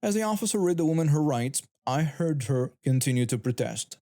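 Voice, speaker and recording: A man giving a steady, scripted first-person narration of a story. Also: a little high, fairly quick.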